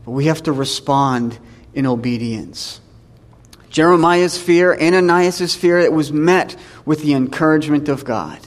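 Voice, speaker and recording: Man preaching with a higher voice. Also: measured pace, long reverb tail. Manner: conversational, tag questions, acts out scripture dialogue. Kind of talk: sermon.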